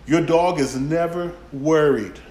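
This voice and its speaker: A man preaching a sermon, telling lively stories and acting out dialogue. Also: on the high side, takes it slowly, reverberant.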